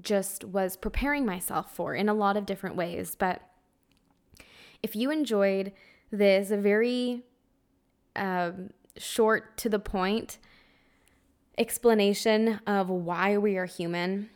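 A woman's voice: mid-range voice, slow. A young woman hosting a spiritual podcast in a casual monologue. She speaks earnestly and conversationally, with lots of "like" and the odd swear word, and she is emotional, close to tears. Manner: earnest, conversational, heavy use of "like", occasional swearing. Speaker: podcast host.

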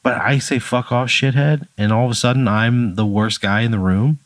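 A man's voice: fairly low pitch, fairly quick, no echo. A man co-hosting, reacting to a comic scenario with exasperated, indignant protests. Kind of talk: improvised comedic back-and-forth.

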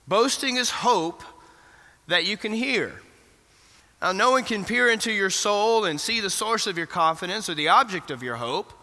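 A man's voice: sits high, pushed and bright. A man preaching an interactive sermon in a church, asking the congregation questions and affirming their answers. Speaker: pastor. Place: church sanctuary. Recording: reverberant church hall.

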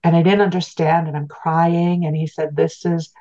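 A woman's voice: low voice, flat delivery, normal speed, mellow. A middle-aged woman, a spiritual teacher, earnestly telling a personal story as an interview guest, often restarting her words. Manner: earnest, reflective, repeats words as she restarts. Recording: dull lo-fi sound.

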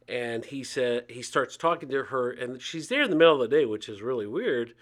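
Speaking fairly quickly with an expressive, medium-pitched voice, this Ohio man in his fifties is an interview guest discussing faith and poverty. He tells stories conversationally and acts out the voices of those he quotes.

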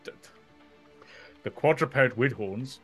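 A player in a tabletop game who speaks in a lively, hesitant way over faint music. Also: mid-range voice, slow pace. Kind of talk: casual chat.

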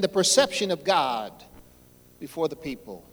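A man preaching a sermon, repeating phrases and swelling louder on his key points, with a folksy way of addressing the congregation. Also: fairly high pitch, moderate pace. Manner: folksy, addresses crowd as y'all. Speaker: pastor. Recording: long hall reverb.

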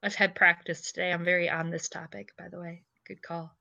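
A woman's voice: on the low side, flat delivery, a little fast, creaky, bright, forceful tone. A tipsy woman co-hosting a casual podcast chat, gushing and laughing often as she talks. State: tipsy from drinking. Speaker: podcast co-host.

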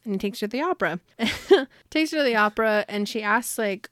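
A woman's voice: medium pitch, a little fast, smooth, no echo, clean studio sound. A woman casually retelling a novel's plot on a podcast, chatty and giggly, leaning on "like" a lot. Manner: chatty, giggly, heavy use of "like". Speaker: podcast co-host. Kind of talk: casual book discussion.

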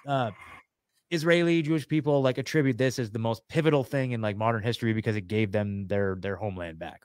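A man's voice: medium pitch, clear, resonant tone, dry recording. A man appearing as a guest on a casual podcast, rambling and conspiratorial, with many fillers and restarts.

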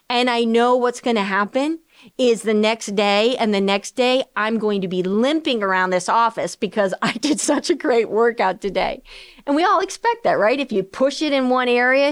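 A middle-aged woman hosting a financial planning show, talking in a chatty, animated way with rhetorical questions. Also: on the high side, smooth, no room sound, clean studio sound. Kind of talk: conversational radio-style finance talk.

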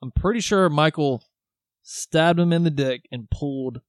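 A man co-hosts a podcast in casual chat, laughing often, swearing, and acting out film lines. His voice is a little high and a little slow, with clean studio sound and no echo.

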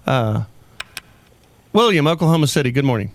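Animated, teasing male radio host. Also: mid-range voice, moderate pace. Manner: teasing, animated, laughs often. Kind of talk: morning talk radio banter. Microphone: studio microphone.

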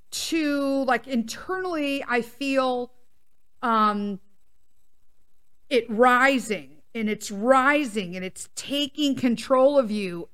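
A woman's voice: on the high side, smooth. A woman hosting a casual talk show, telling a rambling story and swearing freely as she rants. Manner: profane, animated ranting; rambling with restarts and asides. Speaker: podcast host.

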